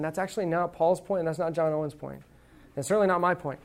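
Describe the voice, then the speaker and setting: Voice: mid-range voice, racing. A preacher giving a sermon in a conversational way, asking the congregation rhetorical questions, reading quotations aloud with emphasis and dropping playful asides.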